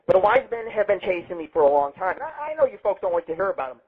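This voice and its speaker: A man's voice: sits high, sing-song, very fast, slightly rough. A man hosting a live internet radio show, brash, boastful and heavily profane, rambling between topics. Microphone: webcam setup. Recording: tinny lo-fi phone-like sound.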